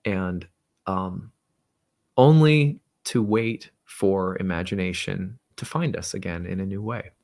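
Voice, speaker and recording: A man hosting an astrology talk, telling a personal story in a halting, reflective way. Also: sits low, a little mellow. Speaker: astrologer host.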